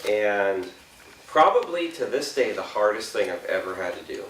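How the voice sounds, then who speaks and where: A man's voice: lowish voice, big pitch swings, normal speed, noisy background. A middle-aged man giving a storytelling talk to a youth group, self-deprecating, chuckling often and asking the audience questions. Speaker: youth confirmation speaker. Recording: echoey room, voice from far off.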